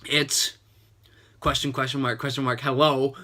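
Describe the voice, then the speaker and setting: Speaking unhurriedly at medium pitch with little rise or fall, a young gaming YouTuber sarcastically walks through a chat he had with a scammer. His voice is pushed and bright, he sniffles as if slightly ill, and "and he's like" crops up constantly in this laid-back vlog commentary.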